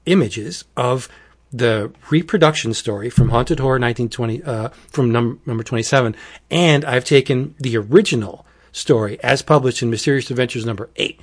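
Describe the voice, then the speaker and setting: Guy hosting a podcast, super animated, retells a horror comic and acts out the bits. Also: medium pitch, normal speed. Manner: animated storyteller, acts out quotes, says wackadoodle. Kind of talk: casual chat retelling a comic story.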